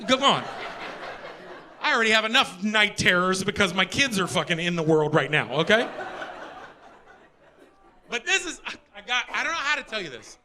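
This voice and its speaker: High, bright-voiced ranting stand-up comic. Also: male voice. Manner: energetic, profane, exasperated ranting. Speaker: stand-up comedian. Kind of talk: stand-up comedy set. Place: comedy stage before a live audience. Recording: live show with audience laughter.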